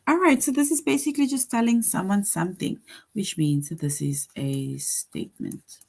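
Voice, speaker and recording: A woman teacher giving an online lesson to second graders, slowly reading example sentences aloud and explaining each one. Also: mid-range voice, creaky, a little mellow, husky. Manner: slow, deliberate, reads example sentences aloud.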